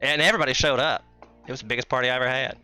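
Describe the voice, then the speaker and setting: A man in his thirties with a bright, forceful tone, talking like a casual podcast host. He tells stories animatedly and swears freely. Faint music plays under him. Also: medium pitch, fairly even intonation, rapid-fire, clean tone. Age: 30s. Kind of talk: casual chat.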